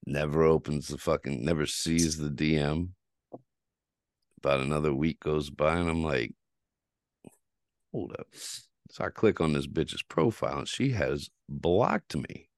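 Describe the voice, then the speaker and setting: A man with an extremely low, deep voice tells a story on his podcast, swearing freely and ranting. He acts out the back-and-forth of each conversation. The sound is dry and close to the mic. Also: unhurried, long pauses, dry recording. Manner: ranting, heavy swearing, quotes himself in dialogue. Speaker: podcast host. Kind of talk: casual profane storytelling.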